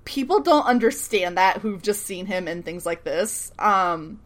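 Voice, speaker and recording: A woman co-hosting a podcast, recapping a TV show in casual chat, animated and laughing, acting out characters' lines. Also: medium pitch, unhurried.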